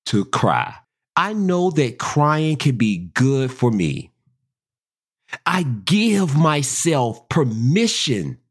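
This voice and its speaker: A podcast host slowly reading self-affirmations and repeating key phrases. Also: mid-range voice.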